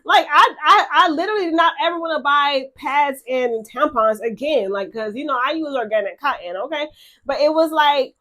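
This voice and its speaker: A woman's voice: high voice, moderate pace, bright, forceful tone. A young woman talking in a casual confessional vlog, chatty and emotional, full of fillers and repeated words, frank and blunt. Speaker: vlogger.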